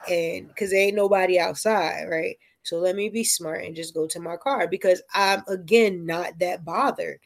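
Animated woman telling a story casually. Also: medium pitch, normal speed, hardly any pauses. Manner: animated, profane, lots of "like" and "right?".

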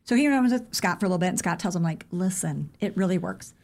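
A woman guest on a podcast, a running coach telling stories in a casual, animated way, filled with "like" and "I mean.". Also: on the low side. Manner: animated, acts out quoted dialogue; rapid, chatty with many fillers like "like" and "I mean". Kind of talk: casual interview storytelling.

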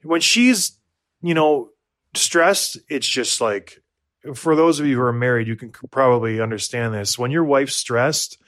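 A man's voice: mid-range voice, a little slow, fairly bright tone. Rambling, self-mocking American man. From United States. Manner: rambling, self-deprecating, lots of restarts and fillers. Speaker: podcast co-host. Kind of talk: casual chat.

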